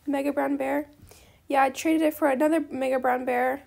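A woman's voice: sits high, fairly even intonation, normal speed, vocal fry, darkish tone. A woman chatting casually while playing a game, rambling and peppering her talk with slang like bestie and slay, often apologizing and gushing at other players. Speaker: gaming video creator.

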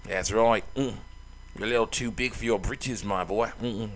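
A man's voice: fairly low pitch, moderate pace, a bit bright, lightly acted. A man voicing a cocky horse-headed male kickboxer thug in an Australian accent, swaggering and taunting. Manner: swaggering, taunting, calls people bro.

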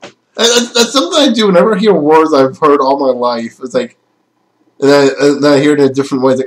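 A man's voice: on the high side, quick pace, soft background music, low-quality recording. A man giving casual gaming commentary in a chatty, rambling way, often laughing at himself. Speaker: let's play gamer.

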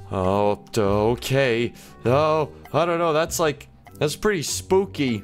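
A man's voice: medium pitch, slow pace, faint music behind. A man hosting a gaming video, giving playful, jokey let's-play commentary as he plays. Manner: playful, animated, jokey self-talk.

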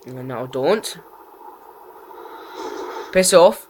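A man commentating his own gameplay, raging, swearing and yelling at opponents. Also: fairly high pitch, expressive, takes it slowly, long pauses, slight background noise. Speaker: gaming channel host.

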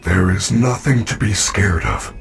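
A man's voice: fairly low pitch, expressive, unhurried, gravelly. An actor playing Freddy, a friendly male robot bear animatronic in a game, who speaks in a soothing, reassuring way. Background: game music.

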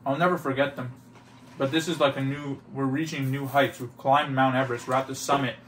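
A young man from Toronto, co-hosting a casual mukbang, teasing and excitable, often talking while chewing. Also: mid-range voice, fairly quick, a little hiss or hum. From Toronto, Canada. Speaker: co-host. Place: indoors, sitting on the floor.

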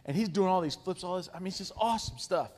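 A man in his forties, a guest speaker, telling a humorous story to a congregation in an animated, self-deprecating way, often addressing the audience directly. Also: sits high, quick pace.

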